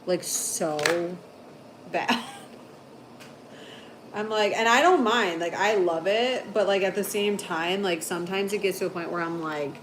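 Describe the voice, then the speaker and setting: Chatty low-voiced woman telling stories. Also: background noise. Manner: chatty storyteller, heavy "like" filler, frequent laughter. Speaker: livestream host. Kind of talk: casual livestream chat.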